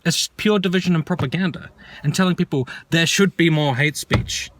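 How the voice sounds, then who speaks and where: A man's voice: a little high, brisk, a bit bright, no room sound. A man ranting heatedly in an opinion vlog, sarcastic and profane. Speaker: vlogger. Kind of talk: angry opinion rant.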